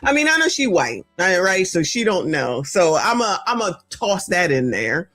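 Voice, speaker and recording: A woman's voice: lowish voice, sing-song, unhurried, fairly bright tone, faint music behind. A woman in her forties or fifties from the United States, hosting reaction commentary and talking to viewers in a sassy, blunt way. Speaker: commentary channel host.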